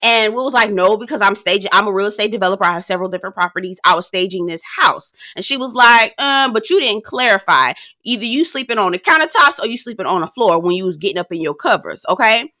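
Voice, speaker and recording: A woman's voice: medium pitch, fast, few pauses, no room sound, studio quality. A woman casually recapping a reality dating show, sassy and blunt, swearing freely and acting out what the cast said. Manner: acts out cast quotes in a lively storytelling tone.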